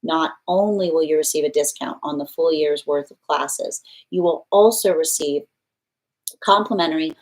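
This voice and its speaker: A woman with a low-pitched voice hosts a live tarot reading. She is animated and laughs easily, plays out short back-and-forth exchanges, and leans on casual fillers and repetition to drive her point home. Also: normal speed, low-quality recording. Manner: animated, laughs often, acts out quoted exchanges; casual fillers, repeats words for emphasis. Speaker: tarot reader.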